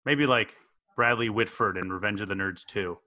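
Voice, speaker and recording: A man's voice: lowish voice, normal speed, bright, forceful tone. A middle-aged man hosting a casual comedic news podcast, playful and prone to slipping into exaggerated impressions. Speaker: podcast host.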